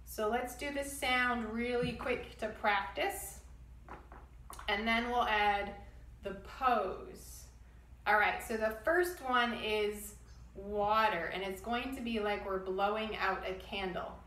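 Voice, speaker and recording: Slow, bright-voiced woman teaching kids yoga. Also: mid-range voice, steady tone, echoey room, recorded from a distance, a little hiss or hum, poor audio. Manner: gentle step-by-step instructions with demonstrated breath sounds. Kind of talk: guiding a children's yoga class.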